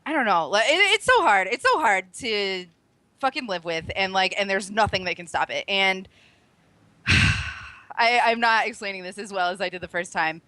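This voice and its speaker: A woman co-hosting a podcast, speaking in halting, repetitive bursts and swearing freely. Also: medium pitch, animated, bright, forceful tone, no echo. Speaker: podcast co-host. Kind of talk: casual chat.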